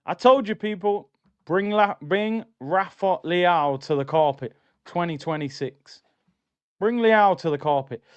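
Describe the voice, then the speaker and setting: A man's voice: sits high, clean tone, no room sound. Opinionated man hosting a football stream. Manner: chatty, opinionated, reads viewer comments aloud. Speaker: livestream host. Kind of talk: live football watchalong commentary.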